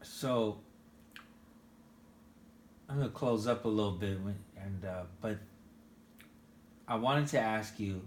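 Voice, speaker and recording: Soft-spoken lower-voiced man interviewing. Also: reverberant, a little hiss or hum. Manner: halting, many restarts, gently leading questions. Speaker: interviewer, fatherhood program worker. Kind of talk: casual interview.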